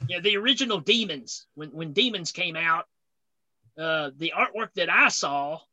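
A man co-hosting a casual chat, an animated storyteller who tells a long joke. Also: a little high, moderate pace, no echo, poor audio.

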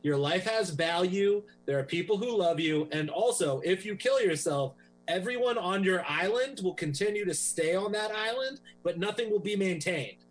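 A man's voice: sits high, lively intonation, moderate pace, soft background music, rough recording. A man hosting a comedy podcast in casual chat, swinging between joking and earnest. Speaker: podcast host.

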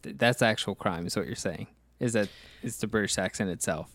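A man's voice: fairly low pitch, fairly quick, fairly bright tone, no room sound. A man casually discussing movies on a podcast, rambling and full of questions and restarts.

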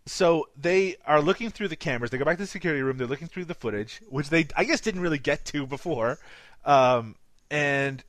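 A man's voice: on the high side, a little fast, a bit bright, dry recording. A man with a light Newfoundland accent recapping a movie in casual podcast chat, laughing often and swearing casually. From Newfoundland, Canada. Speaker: podcast co-host.

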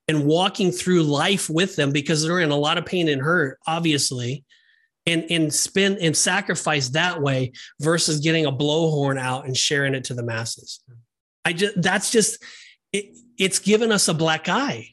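A man co-hosting a faith podcast, talking in an earnest, emphatic, animated way. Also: a little high. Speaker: podcast co-host. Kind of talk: casual faith discussion.

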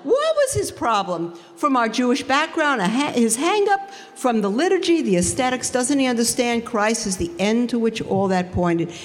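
Animated woman storyteller in a hall. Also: a little high, normal speed, few pauses, a little hiss or hum. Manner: animated storytelling, acting out quoted dialogue. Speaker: speaker giving a faith testimony. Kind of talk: storytelling talk to an audience.

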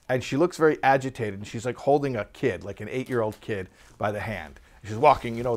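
A man teaching a religious text class, telling a story in a lively, anecdotal way and putting questions to his students. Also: medium pitch. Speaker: Torah teacher.

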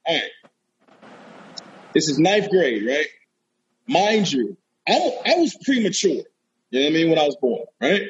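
High, animated slangy man. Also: normal speed, long pauses, lo-fi sound. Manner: animated, slangy, says bro a lot. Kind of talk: casual chat.

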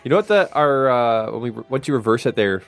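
A man's voice: mid-range voice, animated, fairly quick, gravelly, faint music behind. A man playing a casual word game with friends, joking and laughing as he talks. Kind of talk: casual chat among friends.

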